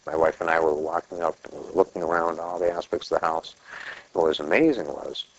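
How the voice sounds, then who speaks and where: A man telling a personal story in a casual, rambling way, often clearing his throat and restarting. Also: rumbling low, brisk, highs cut off.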